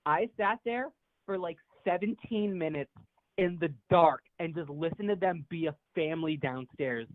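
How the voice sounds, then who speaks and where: Speaking slowly with long pauses, this caller has a high voice. He's a young man spinning a meandering, foul-mouthed tale and chuckling as he goes. The phone audio is thin and dry, without echo.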